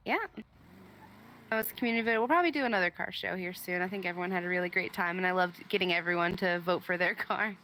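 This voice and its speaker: A woman's voice: on the low side, fast, sharp tone, poor audio. A woman in casual in-game roleplay chat, chatty and friendly as she checks in on players at an event she runs.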